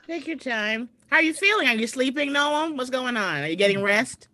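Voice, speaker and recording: High-pitched, sharp, and expressive, this woman comedian talks briskly in a dry recording. Hosting a live stream over a webcam video call, she chats casually with her viewers and welcomes guests.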